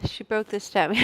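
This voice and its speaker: Hosting a casual livestream from a room at home, a woman rambles, reads out viewer names and swears freely into a studio microphone. Her voice is mid-range and a bit bright, with no echo.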